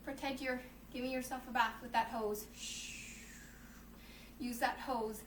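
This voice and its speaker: A woman's voice: a little high, fairly even intonation, a little slow, recorded from a distance. A woman who teaches yoga to children, cheerfully reading a storybook and leading a class, often calling the listeners friends. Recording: roomy echo, faint noise.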